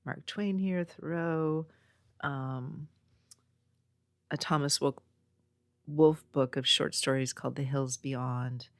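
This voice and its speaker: Woman podcast host from Northern California, low voice, dry close mic, casual meandering storyteller. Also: steady tone, takes it slowly, long pauses, dry recording. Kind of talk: casual chat. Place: home next to a small post office. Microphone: own podcast mic.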